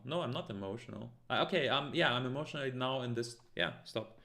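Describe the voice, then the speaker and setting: A man's voice: mid-range voice, animated, a little fast, vocal fry, hardly any pauses, pushed and bright. Heated man arguing with live chat. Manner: argumentative, heated, many fillers and restarts. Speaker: live stream host. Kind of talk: live stream, reading and answering chat comments.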